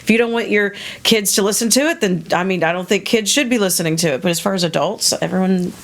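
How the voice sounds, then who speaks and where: A woman musician giving a casual interview, speaking bluntly with frequent swearing and sudden jumps into high mocking voices. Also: quick pace.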